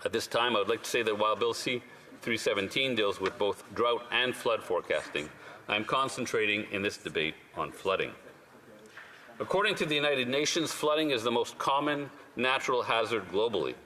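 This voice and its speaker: A man who is a member of parliament, giving a measured, earnest and persuasive formal speech in a large legislative chamber. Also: lowish voice, expressive, pushed and bright. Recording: long chamber reverb with faint room noise.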